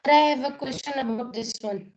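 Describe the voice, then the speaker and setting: A woman student asking her teacher a question, hesitant, with many pauses and "uh, sir". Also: high-pitched, muffled recording.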